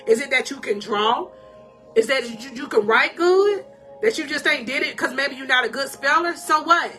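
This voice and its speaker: High, bright-voiced woman life coach. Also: normal speed, soft background music. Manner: animated and emotional, laughing often; preacherly, calls out to viewers. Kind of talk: encouraging live-stream talk.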